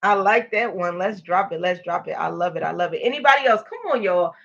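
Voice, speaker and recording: A woman's voice: on the low side, brisk, gravelly. Upbeat woman hosting a lo-fi live stream. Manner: energetic, encouraging, calls out to viewers. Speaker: motivational livestream host. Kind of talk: live-stream pep talk reading comments.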